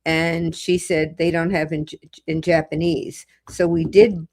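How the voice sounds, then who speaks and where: A middle-aged woman hosting a livestream, chatting casually with viewers as she reads comments and slowly sounds out foreign greetings. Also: sits low, little pitch movement, a little mellow. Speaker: legal commentator and livestream host.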